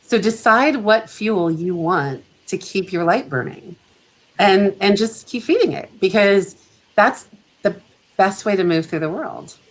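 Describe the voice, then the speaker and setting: A woman's voice: medium pitch, expressive, unhurried, poor audio. A middle-aged woman speaking as a guest on a video call, reflective and chatty, laughing often. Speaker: guest photographer. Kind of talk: casual chat.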